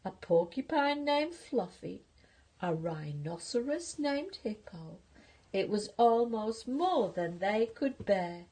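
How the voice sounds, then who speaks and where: A woman's voice: expressive, takes it slowly, mellow, slightly rough. An older woman voicing a small, shy and polite male porcupine in a picture-book reading. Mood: giggling. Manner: higher, timid and polite.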